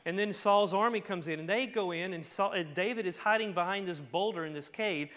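A male pastor preaching a sermon, telling the story dramatically and swinging from hushed lines to shouts. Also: high-pitched, brisk. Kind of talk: expository sermon. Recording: long hall reverb.

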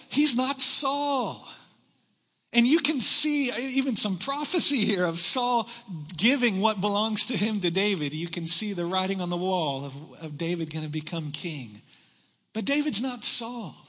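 A man preaching a sermon in a church, animated and joking with the congregation as he goes. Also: high-pitched, in a large hall. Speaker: pastor. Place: church hall.

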